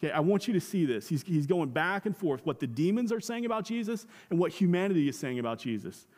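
A man's voice: a little high, big pitch swings, fast talker, darkish tone, in a large hall. A man preaching a sermon as a pastor, talking conversationally, asking rhetorical questions and repeating phrases for emphasis.

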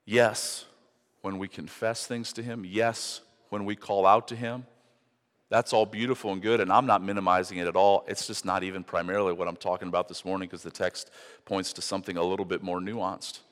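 Low-voiced man preaching a sermon in a reverberant hall. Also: level tone, a little fast. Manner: moves from hushed, intimate delivery to loud, emphatic preaching. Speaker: pastor. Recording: long reverb of a large hall.

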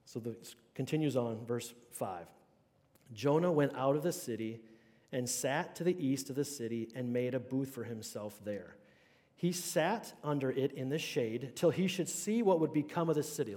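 A male pastor speaks to his congregation in a church sanctuary, keeping the sermon chatty and often asking if they're following. His voice is mid-range and a little mellow, and the recording carries long hall reverb.

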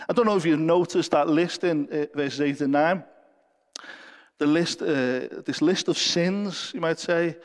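A man preaches a sermon in a high, bright-pitched voice, earnest and conversational with occasional gentle jokes. His words ring out with a long church-hall reverb. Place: church service.

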